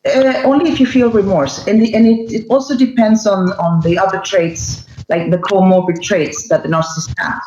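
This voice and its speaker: A woman's voice: mid-range voice, fairly even intonation, normal speed, hardly any pauses. Emphatic woman on a noisy, roomy remote mic. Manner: emphatic, acts out quoted lines. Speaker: podcast guest. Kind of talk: explanatory casual talk. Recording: roomy muffled mic with loud background noise.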